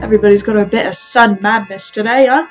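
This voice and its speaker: A gruff ship's boatswain, played by a woman in a tabletop game, barking orders. He is bossy and dismissive and tags his lines with a gruff "eh?". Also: medium pitch, fast, soft background music, close to an everyday voice.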